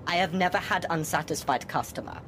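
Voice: mid-range voice, brisk, fairly bright tone, slight background noise, lightly acted. A player voicing an eccentric German male interior decorator who speaks formal, broken English with a German accent, in a tabletop role-play. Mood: chatty. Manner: broken English, formal, odd word order.

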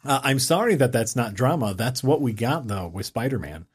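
In a loose, casual chat, a male co-host rambles with enthusiasm, piling up fillers and restarts while pitching ideas. His voice is expressive and slightly rough, and he laughs readily.

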